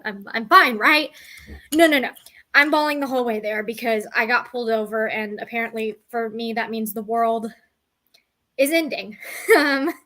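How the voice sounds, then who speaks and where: Bright-voiced young woman vlogger, rambling. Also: a little high. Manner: rambling, self-deprecating, animated retelling. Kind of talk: casual storytelling to camera.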